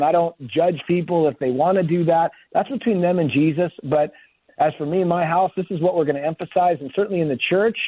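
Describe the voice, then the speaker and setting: A man's voice: fairly high pitch, breathy edge. A man co-hosting a Christian call-in show, praying earnestly for a caller and answering questions, often repeating words as he starts a thought. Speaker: pastor co-host of a call-in show. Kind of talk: prayer and call-in talk. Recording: dry tinny phone-like sound.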